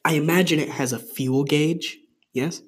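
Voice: mid-range voice, steady tone, normal speed. Sarcastic storyteller reading aloud. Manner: teasing, sarcastic commentary. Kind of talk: comedic reading with asides.

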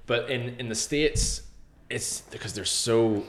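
A man's voice: medium pitch, slow. A young man, telling stories in a casual podcast chat and acting out other people's lines.

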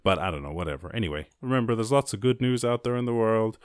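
A man's voice: lowish voice, expressive, fast, clear, resonant tone, no room sound, clean studio sound. A male podcast host freestyle rhyming in a playful, rambling way, then chatting casually. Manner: playful, rambling, breaks off laughing at his own rhymes.

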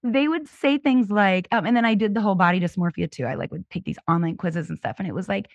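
A woman's voice: medium pitch, lively intonation, quick pace, no echo. A woman in her thirties, a podcast guest, telling her own story in an open, earnest way. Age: 30s. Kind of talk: candid personal testimony.

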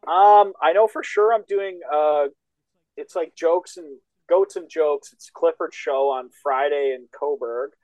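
A man co-hosting a casual comedy podcast, excitable and teasing, swearing often. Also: fairly high pitch, a little slow, rough recording. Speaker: co-host, comedian. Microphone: remote call. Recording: dry remote call audio.

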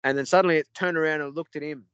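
An Australian man, a podcast guest, telling a story in a rambling, animated way with lots of swearing. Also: a little high, very fast, smooth, dry recording, muffled recording. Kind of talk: casual storytelling.

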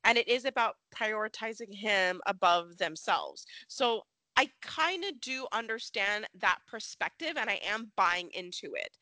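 A woman co-hosting a podcast in casual chat, animated and laughing often, saying "like" a lot. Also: mid-range voice, unhurried, hardly any pauses, no room sound. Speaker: podcast co-host. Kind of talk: casual chat recapping a soap opera.

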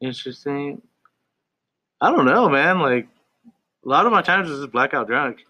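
A young man with a bright, forward voice sits in as a guest on a casual podcast. He tells stories in a laid-back, slangy way, swearing freely and laughing often. His voice sits a little high for a man. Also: lively intonation, normal speed. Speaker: tattoo artist guest.

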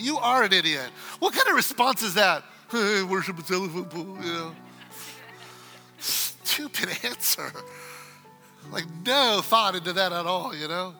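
A pastor with a high-pitched voice preaches a sermon and tells a story, acting out the dialogue. He swings between loud exclamations and quiet asides.

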